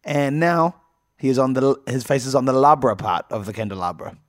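A man's voice: medium pitch, lively intonation, brisk, no echo, clean studio sound. A man co-hosting a casual comedy podcast, rambling and joking and laughing often. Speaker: podcast co-host.

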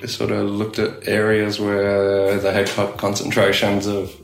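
Australian man, low gravelly voice, rambling interview chat, roomy sound, faint music behind. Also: completely flat delivery, a little slow. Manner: rambling, laughs often, many fillers. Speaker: tattoo studio owner, guest.

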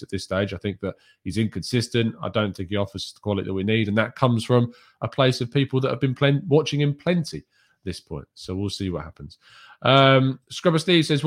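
A man hosting a live fan stream from a small home room, reading chat questions aloud and answering in a candid, chatty way with frequent ums and asides. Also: fairly low pitch.

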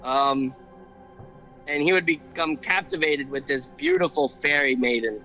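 A man's voice: a little high, sing-song, a little slow, pushed and bright, faint music behind, rough recording. A man co-hosting a podcast, retelling an old legend in casual chat, with many fillers and restarts. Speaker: podcast co-host. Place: airborne helicopter.

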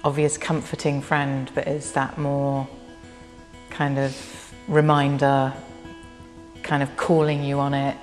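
A woman hosting an interview, soft-spoken and reflective, asking gentle questions. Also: extremely low pitch, monotone, slow pace. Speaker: host and interviewer. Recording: long reverb with faint guitar music.

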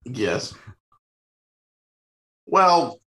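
Podcast guy cracking jokes, explains comic stuff, bright lively voice. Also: mid-range voice, drawn-out words. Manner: joking, playful, explains comic lore. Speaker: podcast co-host. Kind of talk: casual commentary chat.

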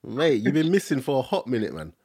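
A man's voice: medium pitch, very animated, fast talker, a little mellow, slight background noise. A young man hosting a casual football chat over a call, joking and loose with lots of slang and fillers.

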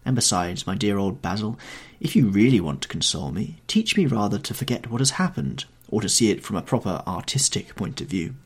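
A vain young gentleman who brushes off grief with airy, languid ease, as a man reads him aloud in a storybook. His delivery swoops widely up and down, and the voice carries a husky edge. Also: on the low side, big pitch swings, fairly quick. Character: young male aesthete, vain and coolly callous.

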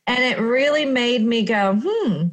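A woman chatting casually, telling a story with lively acted-out exclamations. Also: medium pitch, normal speed. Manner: animated storytelling, acting out her own exclamations. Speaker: guest. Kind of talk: casual chat.

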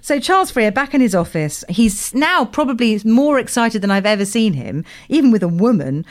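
A woman's voice: a little high, very animated, moderate pace. A woman co-hosting a podcast, recapping a TV show in casual chat, laughing often and swearing now and then. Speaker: podcast co-host.

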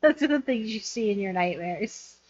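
A woman's voice: mid-range voice, animated, normal speed, a little mellow, no room sound. Playful woman podcast host, lo-fi sound. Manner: playful and teasing, laughs often. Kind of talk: casual chat about a bad movie. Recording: slightly dull, lo-fi sound.

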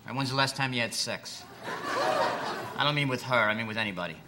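A man's voice: mid-range voice, fast talker, lightly acted. A man playing a rude, rambling boss, noisy recording. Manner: blunt, rambling, drags out words. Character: rude scatterbrained middle-aged male boss. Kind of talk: comedy sketch acting.

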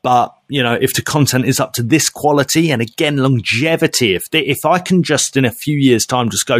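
A man co-hosting a podcast in casual chat, animated and laughing often. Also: medium pitch, moderate pace, no echo, studio quality. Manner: animated, laughs often, drifts into silly voices. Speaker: podcast co-host.

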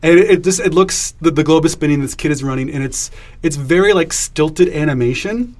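Laid-back podcast host, mid pitch. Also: fairly quick, a little mellow. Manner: laid-back, steering the talk. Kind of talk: casual chat.

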